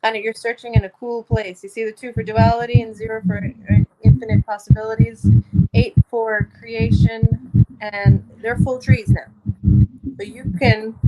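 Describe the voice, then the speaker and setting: A woman reads cards in a casual, chatty way, encouraging and quick to laugh. Her voice sits a little high. A loud, steady noise runs under the recording. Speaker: card reader. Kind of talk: casual card reading to camera.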